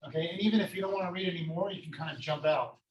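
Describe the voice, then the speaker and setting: A man's voice: high-pitched, racing, a crowd in the background, poor audio. A man teaching a class in a classroom, talking casually with many fillers and self-deprecating asides.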